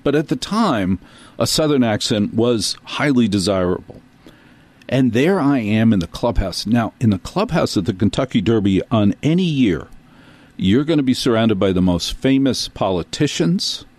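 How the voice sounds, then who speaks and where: A man from New Jersey who hosts a talk show, telling a rambling, self-deprecating story full of asides. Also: lowish voice. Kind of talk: storytelling monologue.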